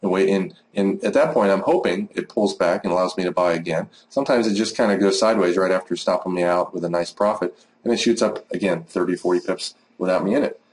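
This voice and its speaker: A man's voice: low-pitched, fast, few pauses, a little mellow. A man teaching a trading lesson over a screen recording, talking casually and practically with many fillers. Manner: casual, rambling, lots of "uh" and "you know". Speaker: forex trading educator.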